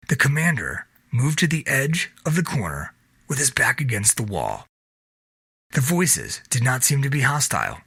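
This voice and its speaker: Man reading a novel aloud, husky, bright, lively pitch, dry close recording. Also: no room sound. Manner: steady storytelling read. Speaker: narrator.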